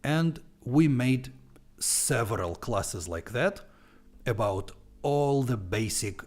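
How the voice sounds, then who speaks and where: Animated man with a heavy Russian accent. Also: medium pitch, slow pace. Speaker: online language teacher. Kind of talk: live-stream course walkthrough.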